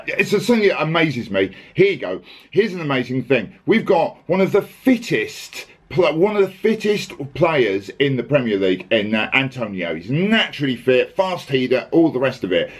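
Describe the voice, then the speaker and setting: A man hosting a casual football chat, sarcastic and exasperated, rambling with restarts. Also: medium pitch. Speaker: podcast host.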